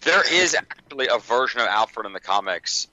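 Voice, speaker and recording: Bright-voiced man in lo-fi podcast chat. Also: mid-range voice, slight background noise. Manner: fast, profane, animated banter. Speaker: podcast co-host. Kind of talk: casual chat.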